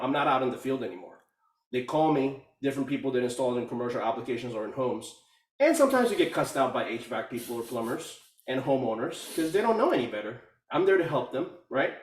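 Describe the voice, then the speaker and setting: Male caller on a video call, halting speech, echoey and off-mic. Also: on the high side. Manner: halting, many fillers and restarts. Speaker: community call participant. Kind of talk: casual testimonial. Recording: echoey room, far from mic.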